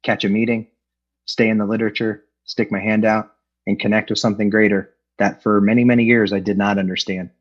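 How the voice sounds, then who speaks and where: A man's voice: lowish voice, little pitch movement, fairly quick. Candid, self-mocking man on a dull call. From Los Angeles. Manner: candid, self-deprecating, with frequent fillers and laughs. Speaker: AA speaker sharing his story. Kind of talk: personal recovery talk. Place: home, on an online meeting. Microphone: video call. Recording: dull lo-fi online call audio.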